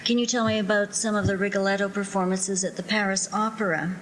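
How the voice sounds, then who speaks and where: A woman's voice: medium pitch, fairly even intonation, quick pace, poor audio. A woman interviewer prompting a storyteller with brief questions.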